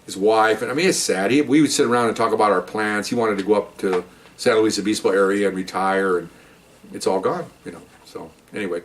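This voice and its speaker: A man's voice: on the low side, brisk, recorded from a distance. A man, a former police officer, telling a story in a casual monologue, acting out the other people's lines with a raised voice.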